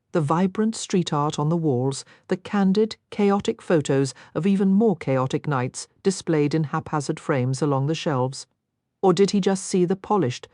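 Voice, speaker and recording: A woman narrating a first-person romance audiobook in an expressive, intimate storytelling manner. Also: sits low, dry recording, clean studio sound.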